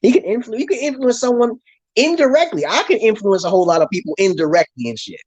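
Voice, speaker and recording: A man's voice: sits high, lively intonation, quick pace, darkish tone, husky, poor audio. A man delivering a rambling monologue to his viewers, ranting with heavy swearing and frequent restarts. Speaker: channel host.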